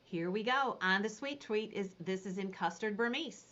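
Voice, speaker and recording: A woman running a live online consignment auction, describing each item and then calling bids in rapid repeated phrases. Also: medium pitch, fairly bright tone, muffled recording. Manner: rapid repetitive bid calling.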